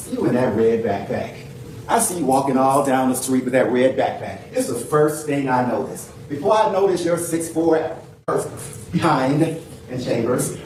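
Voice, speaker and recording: Loud emotional attorney in echoey courtroom. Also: male voice, medium pitch, a little hiss or hum. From New Orleans, USA. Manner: emotional, loud, rhetorical lists. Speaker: defense attorney. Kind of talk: courtroom closing argument. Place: large courtroom. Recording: echoey distant courtroom feed.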